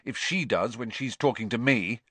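A man's voice: mid-range voice, normal speed, bright, forceful tone, husky, no echo, voice pushed up. A man reading aloud and voicing a bitter, defiant teenage boy who speaks coldly. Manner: cold, clipped, sullen.

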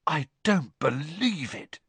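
Male reader doing an eager teen boy wizard for an audiobook: high, bouncy, quick to sneer. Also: big pitch swings, fairly bright tone, no echo. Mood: starstruck. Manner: eager, gushing, quick to scorn. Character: excitable starstruck teenage boy wizard.

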